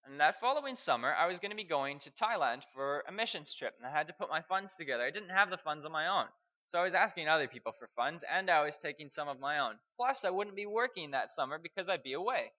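A young man from Canada, telling a personal story in a halting way, repeating words and chuckling. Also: fairly high pitch, animated, dull audio. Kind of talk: storytelling speech.

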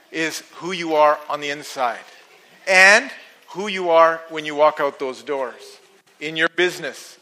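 A middle-aged man preaching a sermon, telling stories in an animated way and laughing at his own jokes. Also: fairly high pitch.

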